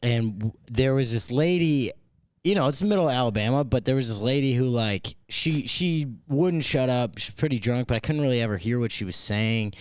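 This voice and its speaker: A man's voice: medium pitch, lively intonation, moderate pace, clean tone, no echo, studio quality. A man, a comedian and podcast co-host, telling a story in casual chat with stammering restarts and laughter.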